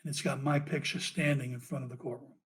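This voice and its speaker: A man, a former police officer, telling his story as a podcast guest in a profane, animated way. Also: mid-range voice, quick pace. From United States.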